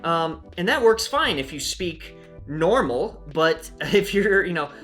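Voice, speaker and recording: Frank, bright-voiced man reviewing. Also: sits high, big pitch swings, a little slow, faint music behind. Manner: frank, opinionated, chatty. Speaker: language-resource reviewer. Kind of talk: casual spoken review.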